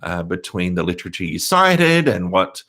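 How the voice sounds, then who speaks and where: A man, a university lecturer explaining methods in a live-streamed Q&A, measured and pausing often with ums. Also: deep voice, big pitch swings, pushed and bright. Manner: measured, explanatory, with frequent hesitations. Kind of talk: live-streamed Q&A on a lab report.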